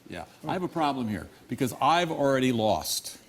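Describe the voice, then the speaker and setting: A man plays a guessing game on a talk show, working out the scoring with dry mock logic. His pitch moves a lot. The studio recording is noisy behind him. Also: big pitch swings, moderate pace.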